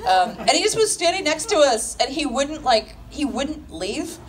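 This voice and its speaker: Animated woman telling a story on stage. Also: high voice, moderate pace, a little hiss or hum. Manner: animated, profane, laughing storyteller. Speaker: comedian. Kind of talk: live stand-up storytelling. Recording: live show with loud audience laughter. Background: audience laughing.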